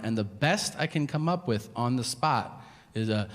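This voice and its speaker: A male comic performs a story before a live audience in a big hall, chatty and profane, voicing the people in it. He speaks a little fast, medium-pitched and animated. The live stage recording echoes in the hall, with crowd laughter and ambience behind him.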